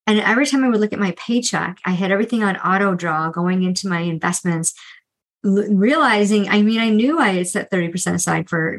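A woman's voice: on the low side, poor audio. Earnest middle-aged woman confessing money woes. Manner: confessional and earnest, retelling her own debt story; restarts often and adds quick asides like "right?". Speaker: financial coach. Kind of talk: candid solo podcast monologue.

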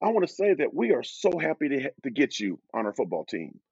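A man's voice: mid-range voice, huge pitch swings, fairly quick, gravelly, a little mellow, husky, dry recording, lo-fi sound, heavily acted. A man voicing an older male team owner as a friendly, eager boss in a retold story.

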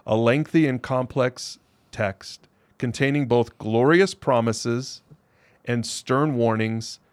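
A pastor who co-hosts a casual discussion reads scripture aloud, sounding incredulous and emphatic and repeating his phrases. He speaks slowly in a medium-pitched voice, with no echo.

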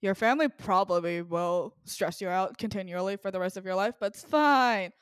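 A woman's voice: mid-range voice, normal speed, clean tone, dry recording, clean studio sound. A young woman co-hosting a casual podcast, blunt and profane, her talk full of fillers. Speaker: podcast co-host.

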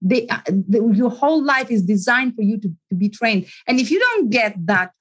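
A woman's voice: a little high, sing-song, moderate pace, husky, poor audio. A woman psychologist, an interview guest, telling a personal story in an earnest way, repeating words and often restarting her sentences.

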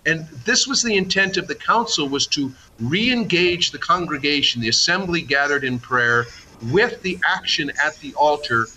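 Middle-aged man, archbishop guest; bright, reflective radio talk with faint background noise. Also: a little high, expressive, low-quality recording. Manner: reflective, halting with restarts. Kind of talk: conversational radio interview.

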